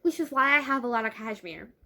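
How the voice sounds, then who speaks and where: A woman's voice: a little high, lively intonation, quick pace, sharp tone, voice pushed up, full character voice. A woman voicing a giggly, bubbly teenage girl in a book reading.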